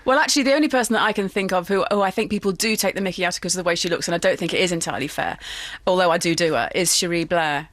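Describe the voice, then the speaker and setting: A woman's voice: on the low side, a bit bright, no echo. A woman, a guest impressionist chatting in a casual, giggly way. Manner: chatty and giggly, with quick asides. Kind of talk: casual interview chat.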